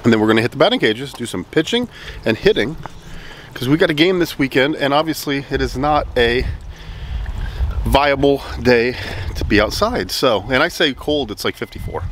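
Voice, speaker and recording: A man's voice: mid-range voice, lively intonation, normal speed, a bit bright, reverberant, slight background noise. A man with a Midwestern American accent talking in a chatty, rambling, self-mocking way to his camera for a casual vlog. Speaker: vlogger.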